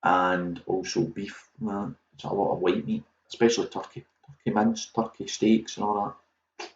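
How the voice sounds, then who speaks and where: A man's voice: on the low side, fairly even intonation, moderate pace. Rambling Scottish man, echoey lo-fi audio. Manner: chatty, self-mocking, wanders off on tangents. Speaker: quiz host. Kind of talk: casual rambling livestream chat. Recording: echoey, dull lo-fi audio with faint noise.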